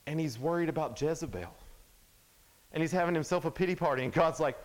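A man giving a youth sermon, telling a Bible story in an animated, casual way, full of "like" and quick asides. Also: on the high side. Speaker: youth speaker.

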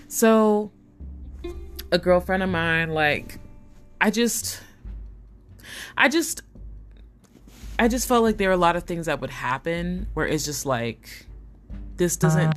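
A young woman in a casual storytime monologue, animated, swearing and acting out the voices she quotes. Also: lowish voice. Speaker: vlogger.

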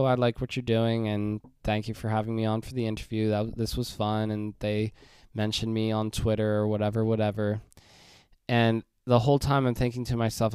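A man's voice: lowish voice, clean tone, no echo, studio quality. Chatty man rambling through a story. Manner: rambling, animated storytelling with acted-out quotes. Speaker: podcast host. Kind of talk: casual solo podcast monologue.

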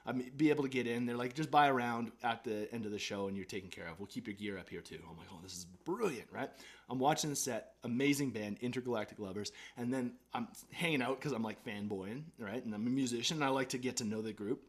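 A young adult man, a podcast guest telling a story in a casual, animated way, acting out his own past lines with lots of fillers and restarts. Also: mid-range voice, fast talker. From Canada.

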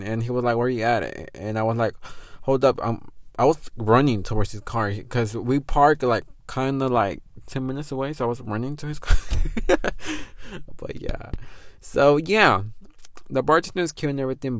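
Profane, candid man. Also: mid-range voice. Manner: frank and profane, mixes Spanish into English. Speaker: podcast host. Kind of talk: casual storytelling monologue.

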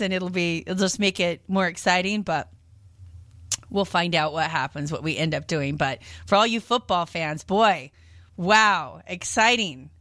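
A woman's voice: mid-range voice, fairly bright tone, no room sound. A woman hosting a radio shopping show, chatting casually and rambling between calls with lots of fillers, from a studio microphone.

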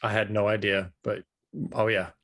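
Hesitant, low-voiced man, dry sound. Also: level tone, moderate pace, fairly bright tone, no echo. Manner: hesitant, understated. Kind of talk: casual chat.

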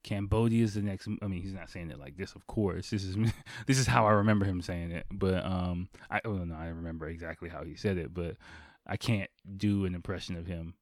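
Low-voiced man rambling through a story. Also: brisk, no echo. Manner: rambling and profane, lots of fillers and restarts. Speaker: podcast host. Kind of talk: casual storytelling.

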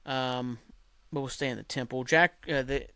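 A man's voice: mid-range voice, fairly even intonation, normal speed, bright, forceful tone, smooth, no echo, studio quality. A man hosting a podcast, recapping a TV episode in a rambling, casual way full of fillers. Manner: rambling, filler-heavy, acts out characters' lines. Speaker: podcast host.

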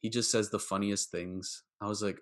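Podcast host: man, lowish voice, relaxed storyteller, casual asides. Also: normal speed. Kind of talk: casual podcast conversation and anecdote.

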